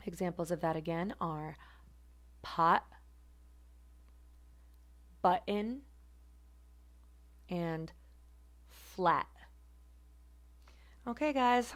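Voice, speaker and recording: A woman teaching a phonetics class, speaking deliberately and repeating example words slowly to demonstrate them. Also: on the low side. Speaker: phonetics instructor. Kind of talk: recorded lecture demonstration.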